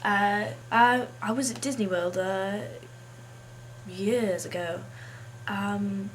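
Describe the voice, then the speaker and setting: A woman vlogs alone in a deliberately put-on English accent, pausing often on ums and uhs. She talks at an unhurried pace with a mid-range voice, and her remarks carry a snarky edge. A faint hiss sits under the recording. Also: mid-range voice, fairly even intonation. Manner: snarky, hesitant with many fillers. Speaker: vlogger. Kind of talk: casual monologue.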